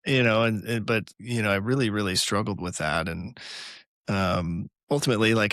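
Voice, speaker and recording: A man with a deep voice talks things through slowly in casual podcast chat. He pauses and hedges often. The recording is dry and close. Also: gravelly, a bit bright, no room sound. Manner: reflective, hesitant, many fillers. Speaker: podcast co-host.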